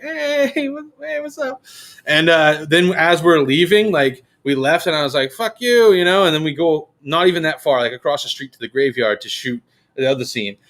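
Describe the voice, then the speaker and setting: A man spins a story in loose podcast chat. His voice sits a bit high, and he swears freely while acting out every quoted line. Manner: animated, profane, acts out quotes.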